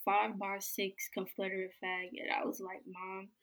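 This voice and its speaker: Husky-voiced woman chatting casually. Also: mid-range voice, normal speed, a bit bright. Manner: chatty, full of fillers. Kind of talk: casual chat.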